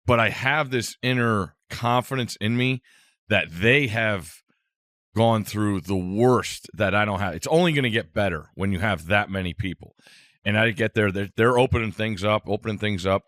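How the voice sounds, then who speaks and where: A man's voice: on the low side, moderate pace, a bit bright, dry recording, studio quality. A man co-hosting a podcast, telling a rambling, self-amused travel story in casual chat.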